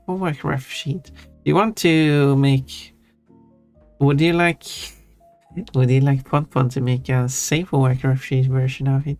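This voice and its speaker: Streamer guy, mid-pitched, halting casual chat with viewers, soft music behind. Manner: halting, restarts often, chuckles while answering chat. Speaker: livestream host. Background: faint background music.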